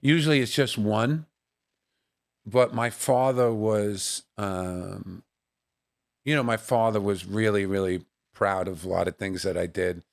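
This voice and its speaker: This guest comedian, a middle-aged man, talks a bit slowly in a low voice with vocal fry. In a casual storytelling interview he recounts family tales, laughing often, using plenty of fillers and imitating relatives' voices.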